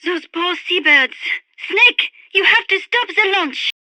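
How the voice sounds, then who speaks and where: An actress voicing a refined, dreamy young French woman birdwatcher in game radio calls, with a French accent and a breathy manner. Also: very high-pitched, animated, slow, bright, forceful tone, no echo, heavily acted. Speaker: radio support character.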